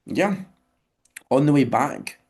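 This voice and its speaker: A man's voice: medium pitch, very animated, slow, vocal fry, crowd noise. A young man co-hosting a podcast, telling a story in a laid-back, sweary way. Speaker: podcast co-host. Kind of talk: casual chat.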